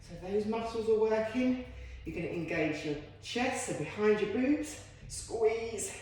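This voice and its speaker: A woman's voice: mid-range voice, lively intonation, a little slow, darkish tone. A woman leading a home workout as a fitness instructor, chatty and encouraging with self-deprecating asides. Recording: very echoey room.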